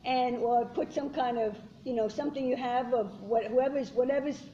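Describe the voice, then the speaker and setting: A woman's voice: on the high side, moderate pace, dark tone. Fervent woman preacher, dull lo-fi sound. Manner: fervent, repetitive exhortation quoting scripture. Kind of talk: sermon. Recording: dull lo-fi sound with faint hiss.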